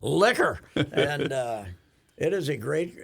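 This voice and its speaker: A man's voice: on the high side, big pitch swings, slow, fairly bright tone. An older man telling a rambling, chuckling story in casual radio chat, with frequent restarts. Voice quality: gravelly, husky. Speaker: radio show regular.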